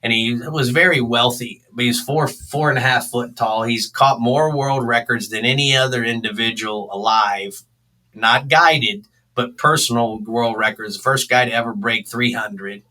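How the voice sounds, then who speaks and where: Animated, bright-voiced fishing captain. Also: male voice, medium pitch, moderate pace, recorded from a distance, rough recording. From South Florida, US. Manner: animated storyteller, acts out shouts. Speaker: fishing show host and charter captain. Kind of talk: casual interview storytelling.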